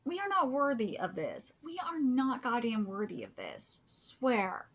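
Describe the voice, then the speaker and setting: A woman streaming a live manga reaction, gushing, cursing freely and often dropping into breathy whispers. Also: a little high, wildly swooping pitch, unhurried. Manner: gushing, swears a lot, drops into whispers.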